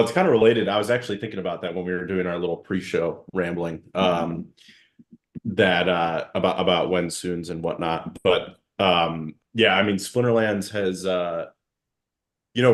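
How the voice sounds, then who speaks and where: Very low-voiced male host, meandering. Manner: loose, meandering explanations. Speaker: host and startup founder. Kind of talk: casual live audio chat.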